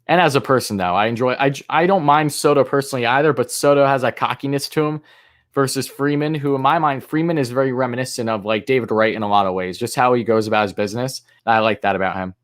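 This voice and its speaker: A man with a medium pitch and a quick pace hosts a live fan stream and does the commentary. His announcer-like play calls alternate with laid-back, tentative answers to viewers in chat.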